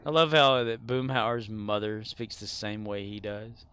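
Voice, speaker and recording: A man's voice: on the low side, steady tone, a little slow, sharp tone, smooth, dry recording. A man streaming a game, chatting loosely with swearing and laughs. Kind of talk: casual gameplay commentary.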